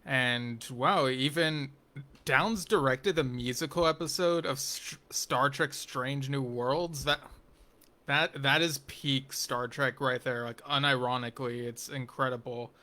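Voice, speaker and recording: A man's voice: mid-range voice, measured pace, pushed and bright. A man giving a casual spoken review of a TV episode, rambling with frequent ums and restarts and dropping wry, geeky asides.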